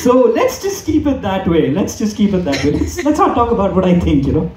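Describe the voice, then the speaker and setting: A man's voice: sits high, wildly swooping pitch, moderate pace, few pauses, over a noisy crowd. A man doing a stand-up comedy set on a club stage, rambling with lots of fillers and restarts while the audience laughs. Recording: echoey room, mic far off.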